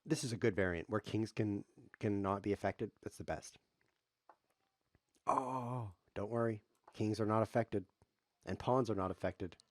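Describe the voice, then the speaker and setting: Low-voiced joking chess streamer man. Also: measured pace, no room sound. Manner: jokey, rambling deadpan asides. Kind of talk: playful live commentary while playing.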